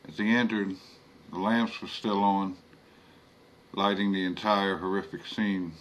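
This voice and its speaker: A man narrating a horror story in a slow, measured reading. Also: on the low side, steady tone, fairly bright tone.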